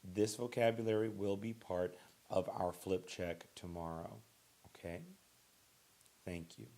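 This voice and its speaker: A man with a low voice teaching a recorded lesson, calm and easygoing. He says each new word twice and leans on the stressed syllable. He talks in a loose, conversational way with small fillers and restarts. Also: a little slow. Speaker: Russian language teacher. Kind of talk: recorded classroom vocabulary lesson.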